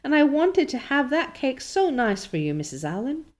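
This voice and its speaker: A woman's voice: sits high, very animated, normal speed, voice pushed up. A woman voicing a dramatic young orphan girl who pleads through tears while reading a novel aloud. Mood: forlorn. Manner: sobbing, overwrought pleading.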